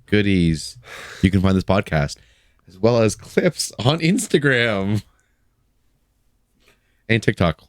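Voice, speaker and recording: A man's voice: fairly low pitch, sing-song, slow pace, pauses often, no echo. A young man hosting a podcast, teasing his guest in a dry, amused way. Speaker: podcast host. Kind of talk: casual chat.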